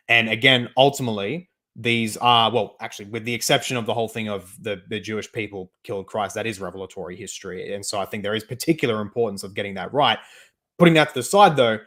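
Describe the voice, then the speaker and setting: A man's voice: mid-range voice, fairly bright tone. A man hosting an interview, wrapping it up for the audience in careful, formal wording. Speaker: host. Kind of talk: measured summary for the audience.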